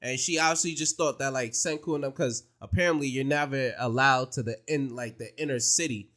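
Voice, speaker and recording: A man hosting a casual podcast chat, slangy and animated, talking in quick rushes. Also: mid-range voice. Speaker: podcast host. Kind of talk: casual anime recap chat.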